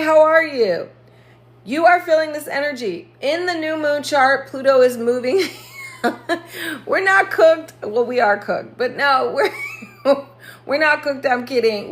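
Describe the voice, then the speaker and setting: A woman astrologer hosting a casual live stream, chatting and laughing, greeting viewers by name and correcting herself as she goes. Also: a little high.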